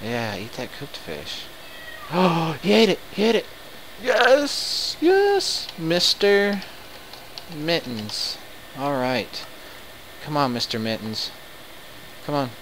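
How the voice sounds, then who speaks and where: A man commenting live on his game, excitable and quick to swear in frustrated outbursts. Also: on the high side, slight background noise, rough recording. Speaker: let's play gamer.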